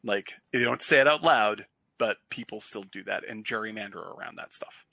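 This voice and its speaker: A man's voice: fairly low pitch, moderate pace, gravelly, bright, forceful tone. A man from Cape Cod, Massachusetts, chatting casually, rambling through lots of fillers and restarts and breaking into laughter. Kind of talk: casual chat.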